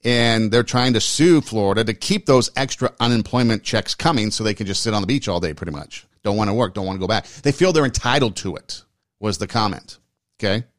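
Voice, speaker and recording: A fairly low-pitched, expressive man speaks briskly as a talk show host, recorded in clean studio sound with no room sound. His commentary is casual, conversational, and emphatic, often restating and rephrasing itself.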